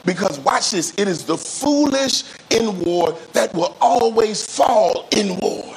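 A man's voice: high voice, expressive, breathy edge, low-quality recording. A male pastor preaching a sermon, calling on the congregation to answer back, stretching key phrases out for emphasis and often repeating words as he restarts. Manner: call-and-response preaching, drawn-out emphatic phrases.

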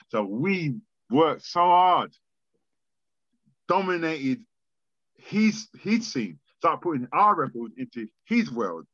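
A man tells old war stories from his music days as a podcast guest. He is animated and blunt, swears freely and slips into the voices of people he talks about. The sound is dry and a little dull, with no room around it. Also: a little high, slow, pauses often, no room sound. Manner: lively storyteller, swears freely, acts out conversations. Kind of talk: animated storytelling interview.

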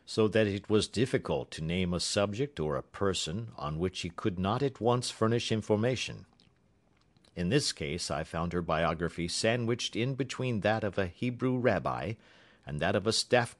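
A man reading a classic detective story aloud with steady narration. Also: low voice. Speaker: audiobook narrator.

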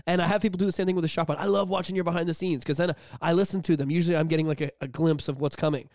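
A man's voice: fairly high pitch, fairly even intonation, racing, darkish tone, dry recording, clean studio sound. A young man co-hosting a podcast in casual chat, rambling, profane and joking. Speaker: podcast co-host.

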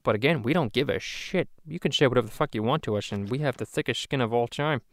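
A man's voice: mid-range voice, fast talker, no echo, clean studio sound. A man venting in a rambling, profane, exasperated way, in a casual rant to the camera as host of his own channel. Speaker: YouTube host.

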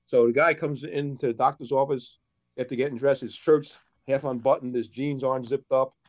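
A man's voice: mid-range voice, fairly even intonation, normal speed. Man telling jokes on lo-fi audio. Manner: tells long jokes, acting out characters' voices. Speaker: co-host. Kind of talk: casual joke-telling. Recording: dull lo-fi sound.

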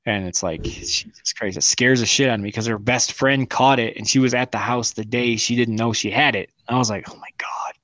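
A man's voice: mid-range voice, steady tone, a little fast, hardly any pauses, fairly bright tone. A man co-hosting a podcast, chatting casually in a blunt, heavily profane way. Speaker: podcast co-host. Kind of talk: casual chat.

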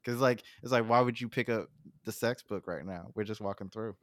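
A man's voice: lowish voice, a little fast, dry recording. A young man co-hosting a casual podcast, joking around and laughing often. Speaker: podcast co-host and editor. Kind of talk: casual chat.

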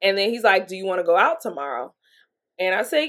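A woman's voice: medium pitch, brisk, gravelly. Chatty woman telling a dating story. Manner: chatty, animated, laughs often, many fillers. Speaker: podcast host. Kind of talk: casual storytelling monologue.

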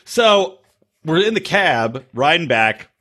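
A man's voice: a little high, big pitch swings, slow, sharp tone. A middle-aged man co-hosting a podcast, rambling through crude anecdotes and laughing often in casual chat. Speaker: podcast co-host.

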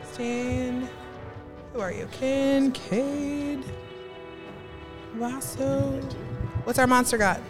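A woman's voice: high voice, steady tone, drawn-out words, long pauses, music in the background. A woman playing a live tabletop game on stage, with bubbly, playful banter. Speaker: player. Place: convention stage, live audience.

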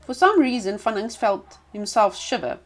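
Female storyteller, reads a folk tale aloud, expressive, mid-pitched. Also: moderate pace. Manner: expressive reading with small restarts.

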